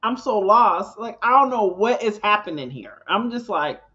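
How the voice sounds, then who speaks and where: A woman's voice: mid-range voice, expressive, moderate pace, sharp tone. Woman host, rambling, exasperated, muffled lo-fi stream audio. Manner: rambling, exasperated, lots of restarts. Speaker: live stream host reacting. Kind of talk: live reaction chat.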